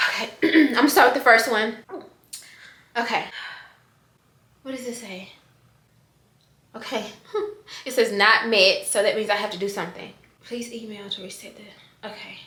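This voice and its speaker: A middle-aged woman talking casually to the camera in a vlog, excited and emotional, often calling her viewers "y'all". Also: on the high side. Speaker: vlogger. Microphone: camera on desk. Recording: echoey room.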